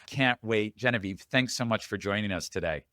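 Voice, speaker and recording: A man's voice: fairly low pitch, fairly quick, sharp tone, no room sound, studio quality. A man hosting a podcast interview, earnest and audibly moved by his guest's story. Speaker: podcast host.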